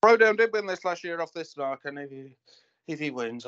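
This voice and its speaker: A man talking through his racing tips in a loose, rambling way, stopping for fillers and side stories. His voice sits a bit high for a man. The sound is dry and slightly muffled. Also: very animated, a little fast, a bit bright, no echo. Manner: rambling, digressive, hesitant with fillers. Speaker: horse racing tipster. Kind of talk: casual racing chat.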